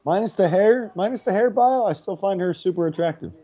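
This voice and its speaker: A man excitedly calling a wrestling match move by move as he watches it with friends, swearing freely and reacting loudly to each big moment. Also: high-pitched, fairly quick, highs cut off. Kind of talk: casual live watch-along commentary.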